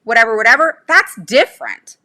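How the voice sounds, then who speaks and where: A woman's voice: on the high side, very animated, fairly quick, sharp tone. A woman talking casually to her viewers as a special education advocate, emphatic and indignant, firing off rhetorical questions. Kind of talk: casual livestream talk to viewers.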